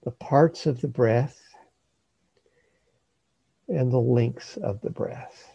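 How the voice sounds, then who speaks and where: A man teaching meditation, giving slow, calm instruction with long pauses. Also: mid-range voice, creaky, slightly rough, no room sound, muffled recording.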